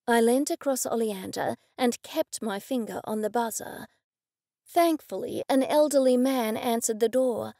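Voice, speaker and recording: A woman narrating a cozy mystery audiobook in first person, with measured, dry storytelling. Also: a little high, creaky, dark tone, dry recording.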